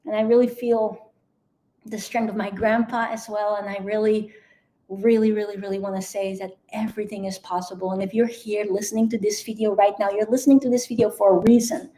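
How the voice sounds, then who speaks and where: A woman's voice: mid-range voice, level tone, brisk, mellow. A woman mentor speaking on a motivational live video, earnest and emphatic, often repeating her key phrases.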